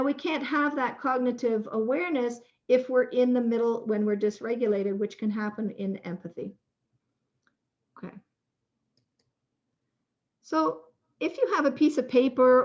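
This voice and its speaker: Woman workshop leader, raised pitch, soft guided prompting, dull lo-fi recording. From Canada. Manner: slow, gentle prompting with pauses. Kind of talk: guided reflection exercise.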